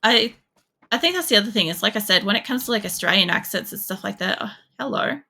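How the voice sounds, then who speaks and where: A woman's voice: mid-range voice, expressive, quick pace, pushed and bright. A young woman from Poland streaming a shooter game, chatting casually in a rambling way, swearing freely and using lots of fillers. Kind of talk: casual chat while gaming.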